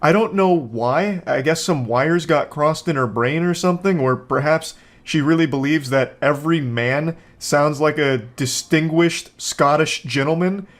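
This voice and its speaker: A man hosting a comedic commentary on a viral video, talking in a sarcastic, deadpan way. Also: on the high side, unhurried, hardly any pauses.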